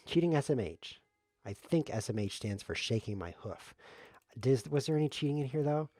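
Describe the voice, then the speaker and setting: A man's voice: medium pitch, lively intonation, moderate pace, mellow, no room sound. Jokey man narrating his chess game. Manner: jokey self-mocking play-by-play, laughs often. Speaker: streamer playing chess variants. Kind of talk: casual live game commentary.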